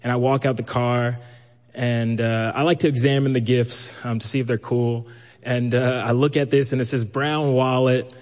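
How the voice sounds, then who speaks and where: A man from Brooklyn telling a personal story live, lively and acting out the voices he quotes. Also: medium pitch, normal speed. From New York, Brooklyn. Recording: long hall reverb.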